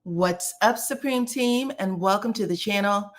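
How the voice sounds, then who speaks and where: A woman's voice: medium pitch, unhurried. A young woman giving a casual, slangy recap of a reality TV episode, acting out the lines she retells. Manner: animated, slangy, acts out the quotes she retells. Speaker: YouTube reality TV reviewer.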